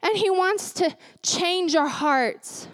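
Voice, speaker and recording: A woman's voice: very high voice, takes it slowly, no echo, studio quality. A young woman preaching a sermon, emphatic and repeating her key phrases.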